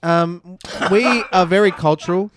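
An Australian man making a mock-formal, deadpan case in a comedy podcast debate. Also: high-pitched, a little slow, noisy background.

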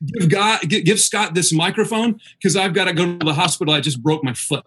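A man's voice: sits high, fairly quick. A man telling a funny story in a casual chat, acting out the voices of others and laughing as he goes. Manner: animated, acts out the voices of others.

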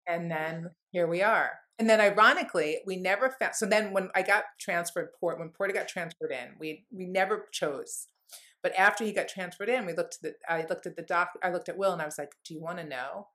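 A woman's voice: fairly low pitch, a little fast, sharp tone. A woman guest in an interview telling a candid personal story in an earnest, rambling way, full of "like" fillers. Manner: rambling, heavy use of "like" fillers; earnest, heartfelt.

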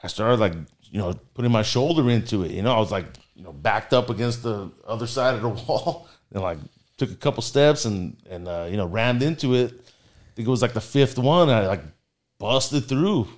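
A man's voice: mid-range voice, lively intonation, normal speed. A man casually telling a story as a guest, rambling and full of filler words.

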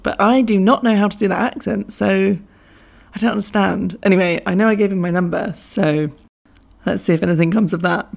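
A young woman hosting a podcast, talking casually with a hoarse, croaky voice from losing it, chatty and self-mocking, laughing often. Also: mid-range voice. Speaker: podcast host. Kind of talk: casual solo podcast chat.

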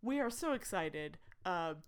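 A woman's voice: lowish voice, sing-song, a little slow, clear, resonant tone. A woman hosting a tabletop role-play podcast as its game master, chatting casually through announcements with many fillers and restarts, eager and pleading with her listeners for support.

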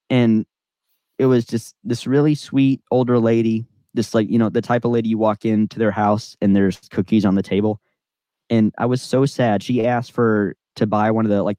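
A young man tells a winding story on a podcast, stuffing it with fillers and putting on the voices of the people involved. His voice sits low and warm, and the sound is dry and close to the mic. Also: no room sound. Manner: rambling, filler-heavy, acts out quoted voices. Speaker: podcast co-host. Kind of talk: casual storytelling. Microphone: on-camera podcast mic.

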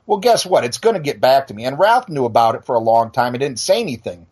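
Husky, fired-up middle-aged man. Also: medium pitch, very animated, quick pace, a little mellow. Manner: profane, blunt, stammers into restarts. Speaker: podcast and radio show host. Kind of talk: heated casual rant.

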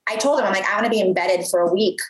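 A woman in her thirties telling a story from her career in a casual, animated way, full of fillers and acted-out quotes. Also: medium pitch, very fast. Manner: animated, lots of "like", acts out quoted voices. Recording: roomy echo.

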